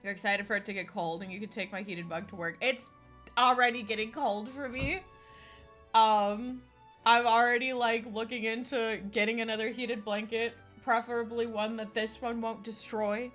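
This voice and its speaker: A young woman streams a video game, chatting casually and rambling with lots of fillers. Her voice is on the high side and a bit bright, with fairly even intonation and a moderate pace. Faint music plays behind her.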